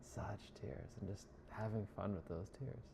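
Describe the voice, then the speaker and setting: A man speaking as a spiritual healer in a slow, soft, reflective monologue, often drifting into a whisper. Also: lowish voice, gravelly, background noise.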